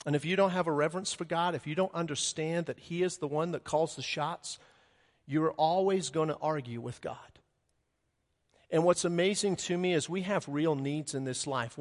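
A man preaching a sermon as pastor, animated, with sudden loud high bursts and quick acted asides. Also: long reverb tail.

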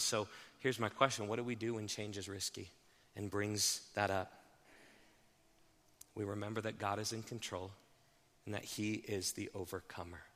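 Animated male pastor preaching in a hall. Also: fairly low pitch. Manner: swings from hushed, slow emphasis to loud, fast, animated asides. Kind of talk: sermon.

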